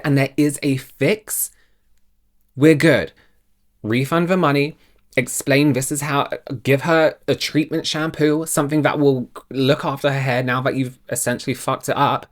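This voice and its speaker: A man's voice: on the high side, unhurried. A man hosting a reaction video, blunt and opinionated, swearing casually as he comments. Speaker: reaction channel host.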